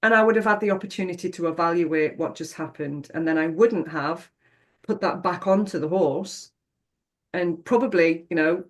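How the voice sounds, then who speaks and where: A woman's voice: lowish voice, normal speed. A middle-aged woman, a podcast guest telling a personal story in a frank, reflective way and swearing now and then.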